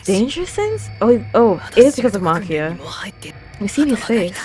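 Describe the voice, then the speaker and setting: A young woman hosting an anime reaction, talking casually with lots of fillers, gasps and excited exclamations. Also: medium pitch, normal speed, soft background music. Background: anime episode soundtrack playing.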